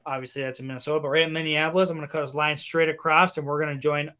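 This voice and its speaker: Opinionated, slightly high-voiced man. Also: level tone, pushed and bright, clean tone. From Wisconsin. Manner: opinionated, halting with restarts. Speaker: podcast co-host. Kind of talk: casual chat.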